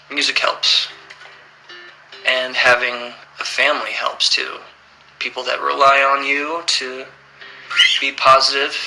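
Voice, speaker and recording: Thirties male, relaxed livestream Q&A host, very bright tone, faint background hiss. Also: mid-range voice, creaky, rough recording. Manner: relaxed, reads questions aloud then answers plainly. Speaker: musician answering fan questions. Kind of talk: casual livestream Q&A.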